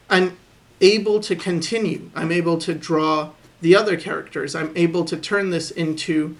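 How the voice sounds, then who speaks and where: A man talks over his sketching in a calm, reflective way. He thinks aloud and reasons through each point as he draws. His tone stays encouraging and easygoing. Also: sits high, normal speed. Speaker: artist teaching drawing. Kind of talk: voice-over commentary while sketching.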